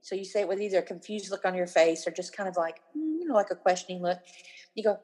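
A woman's voice: medium pitch, quick pace. A woman in her fifties, a guest in a casual interview, talking animatedly and acting out the lines of the people she quotes. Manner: animated, acts out quoted dialogue.

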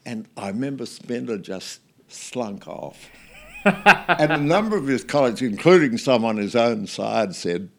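Older Australian man telling lively stories. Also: mid-range voice, measured pace, vocal fry. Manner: anecdotal, lively, with many fillers and restarts. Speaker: guest. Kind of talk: relaxed storytelling interview.

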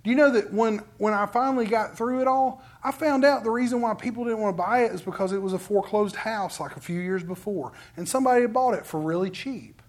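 A man's voice: high-pitched, fast talker, hardly any pauses. A man preaching a sermon in a conversational storytelling way, acting out what other people say. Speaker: pastor.

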